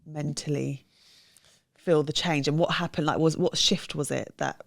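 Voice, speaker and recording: A woman hosting a podcast, asking the guest probing, halting questions. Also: low voice, fairly even intonation, gravelly, no echo, clean studio sound. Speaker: podcast host. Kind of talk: interview questions.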